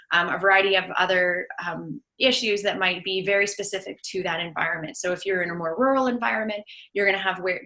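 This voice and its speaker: A woman on a video call explains things patiently to a webinar audience. Her voice is bright and forceful and sits on the lower side. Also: rough recording. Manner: explanatory, adds detail to others' answers. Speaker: panelist.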